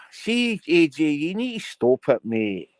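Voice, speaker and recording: A man's voice: a little high, sing-song, slow pace, dry recording. A Scottish man hosting a casual live chat stream, telling his callers off now and then. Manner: chatty, scolds callers. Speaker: livestream host.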